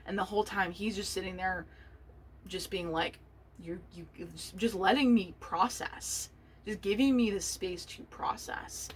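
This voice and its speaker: A woman's voice: medium pitch, normal speed, a little hiss or hum, low-quality recording. A young adult woman hosting a solo podcast, talking candidly and emotionally, swearing freely and restarting her sentences. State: choked up, tearful. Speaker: podcast host. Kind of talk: personal solo podcast talk.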